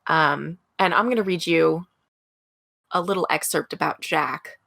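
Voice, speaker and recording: A woman's voice: low voice, unhurried, gravelly, fairly bright tone, dry recording. A woman podcast co-host telling a story in a casual, chatty way, full of fillers. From American Midwest. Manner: chatty, many fillers like "like" and "you know".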